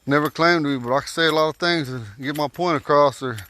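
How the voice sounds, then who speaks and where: A man giving a casual, folksy language lesson while out walking at night, talking into a phone and repeating words slowly. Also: on the high side, bright, forceful tone. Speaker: language teacher. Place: outdoors at night on a walk.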